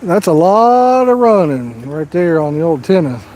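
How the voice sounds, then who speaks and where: High-voiced joking Southern man. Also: a little slow, hardly any pauses, a little mellow, slight background noise. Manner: folksy, joking, corny one-liners. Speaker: fishing livestream host. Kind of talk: casual live-stream chat. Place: outdoors by the water.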